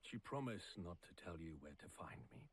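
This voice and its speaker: An actor playing a weary, grieving old grandfather who was once a hero, speaking low and brooding, often near a whisper. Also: expressive, brisk, husky, exaggerated voice. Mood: evasive. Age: older.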